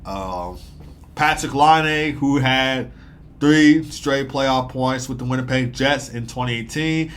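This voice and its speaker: A young man giving a casual, rambling hockey game recap, talking fast with lots of fillers and excited bursts. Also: mid-range voice. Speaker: sports commentator.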